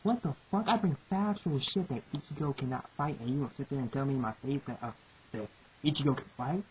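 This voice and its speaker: A woman with a low, dark voice rants through exasperated commentary, swearing and circling back to the same complaints again and again. The recording is muffled and lo-fi, with a steady hiss underneath. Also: fast. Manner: profane, repetitive, exasperated ranting. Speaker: manga reviewer. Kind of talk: ranting commentary.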